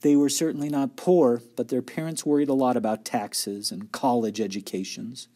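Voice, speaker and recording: A man's voice: mid-range voice, fairly even intonation, normal speed, warm tone. A man reading a children's novel aloud, stopping for friendly asides to young listeners. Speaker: storybook reader.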